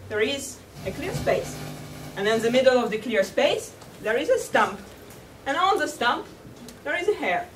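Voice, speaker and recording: A woman tells a humorous fable as a contest speaker, playful and chuckling at her own jokes. Her voice is high and swoops widely as she takes her time over each line. She is heard from far off in a large echoey hall. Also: a little hiss or hum. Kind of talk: humorous storytelling speech. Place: large hall at a cultural center.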